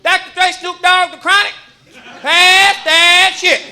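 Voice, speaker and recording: A man doing a shrill, gushing old granny. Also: flat delivery, pushed and bright, heavily acted. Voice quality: shrill high falsetto. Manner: gushing, drawn-out delight. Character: excitable old grandmother who wants to get high. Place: comedy club stage.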